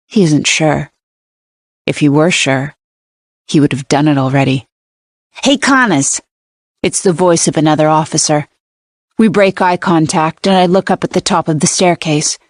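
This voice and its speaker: Woman, audiobook narration, low pitch, measured, wry, dry studio sound. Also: fairly even intonation, no room sound. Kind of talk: scripted first-person audiobook narration. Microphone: close studio mic.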